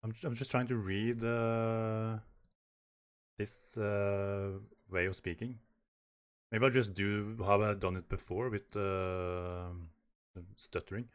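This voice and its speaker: Excitable man reacting to a comic. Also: lowish voice, clean tone. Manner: excitable, laughs at himself, quick asides. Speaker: reaction channel host.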